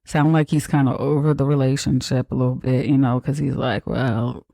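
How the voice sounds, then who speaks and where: A man hosting a podcast, retelling a film in a casual, profane, animated way. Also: medium pitch, fairly quick, gravelly, dry recording. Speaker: podcast host. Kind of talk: casual movie recap.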